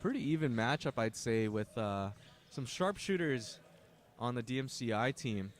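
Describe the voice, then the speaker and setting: With an animated, mid-range voice at a normal pace, a young Canadian man handles casual play-by-play for a basketball game streamed from a tournament gym. Between plays he makes joking, chatty asides to viewers.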